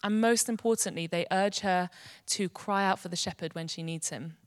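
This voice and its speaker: A woman giving an earnest, gentle devotional teaching. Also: fairly low pitch, normal speed, no echo, clean studio sound. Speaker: Bible teacher.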